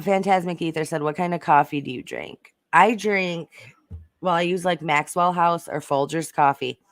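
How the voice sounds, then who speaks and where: Reading her chat aloud, a livestream host rambles casually with viewers and swears without restraint. Her voice sits low, and the recording is clean studio sound with no echo.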